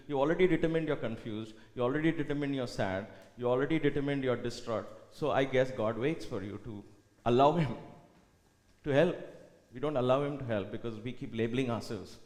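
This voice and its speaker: Guy giving a spiritual retreat talk, thoughtful, goes quiet a lot, big echoey hall with long reverb. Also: mid-range voice, normal speed. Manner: reflective, often dropping to a soft hush. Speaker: retreat speaker.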